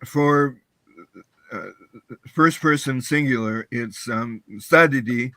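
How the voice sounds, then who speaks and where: A man's voice: mid-range voice, takes it slowly, pushed and bright, no room sound, low-quality recording. A man asking careful, hesitant questions as a student in a language class, with many fillers.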